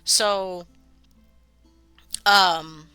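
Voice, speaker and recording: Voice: medium pitch, steady tone, very slow, pushed and bright, smooth, no echo, soft background music. A streamer chatting casually while building a game world, rambling, laughing often and swearing freely. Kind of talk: casual live-stream chat.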